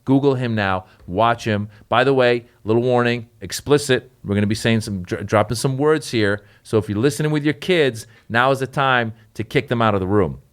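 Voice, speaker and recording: A man's voice: mid-range voice, normal speed, hardly any pauses. A middle-aged man hosting a comedy podcast, talking in an upbeat, chatty, joking way. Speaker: podcast host. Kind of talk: casual comedy podcast chat.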